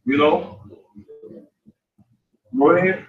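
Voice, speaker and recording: Stretching out his words in a slightly high voice, this street preacher tells a personal story in a loose, cursing, slang-filled sermon, laughing between points. The recording is dull and roomy, captured from far away, with a bit of background noise.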